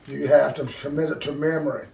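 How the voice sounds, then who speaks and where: A man teaching a firearms class, blunt and forceful, acting out street scenarios for his students. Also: on the high side, level tone, a little fast, creaky, a little hiss or hum. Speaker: firearms instructor. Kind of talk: classroom instruction. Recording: echoey room from far off.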